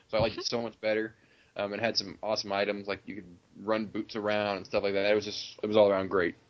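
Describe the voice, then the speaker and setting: A man with a fairly low voice hosts a loose, casual conversation. He rambles and chuckles often, and he fills his pauses with ums and restarts. The recording sounds a little dull and lo-fi. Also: flat delivery. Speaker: podcast host. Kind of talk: casual chat.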